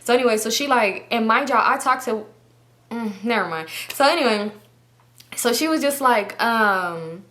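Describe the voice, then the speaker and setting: A woman's voice: a little high, lively intonation, normal speed, a bit bright. A young woman vlogger telling a rambling, slangy, profane story in a casual way and acting out what everyone said.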